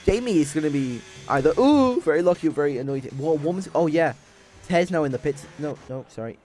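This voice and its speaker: A young man giving excitable, sweary live commentary on a sim race while bantering with his chat. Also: fairly high pitch, fairly quick, a little hiss or hum.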